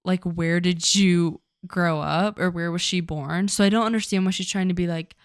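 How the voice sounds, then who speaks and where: A woman co-hosting a podcast in casual chat, chatty and animated with lots of fillers. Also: fairly low pitch, moderate pace, smooth, no echo, studio quality. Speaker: podcast co-host.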